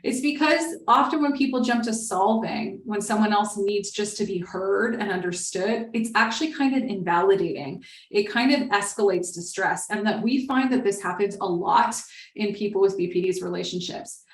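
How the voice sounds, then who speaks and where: A woman's voice: medium pitch, normal speed. Woman presenting in an echoey room. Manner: conversational, acts out example dialogue. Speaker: webinar presenter. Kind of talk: explanatory webinar talk.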